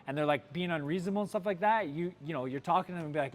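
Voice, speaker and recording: Sales manager guy pumping up his team, kinda high voice, lots of "right?" and "like". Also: rapid-fire, few pauses. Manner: energetic, coaching, lots of "right?" and "like". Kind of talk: team sales training talk. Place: car dealership.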